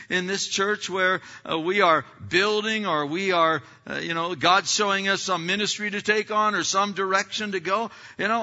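A man preaching a sermon as pastor of his church, talking conversationally and swinging between loud passages and hushed ones. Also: sits high. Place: church sanctuary. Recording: echoey hall, dull lo-fi sound.

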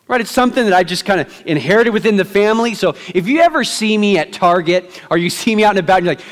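A middle-aged man leads a church sermon as pastor, his voice pitched high. He moves from quiet, unhurried prayer to easygoing, self-mocking storytelling. The sound carries a long reverb from a large sanctuary. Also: animated. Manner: conversational, self-deprecating humor; hushed, slow prayer.

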